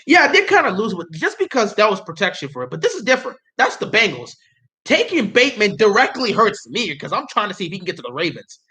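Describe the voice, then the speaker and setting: A young man with a high, bright voice reacts live on his stream in loose, casual chat. He gets excitable and pleading, and repeats himself over and over. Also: quick pace. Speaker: livestreamer reacting to the draft.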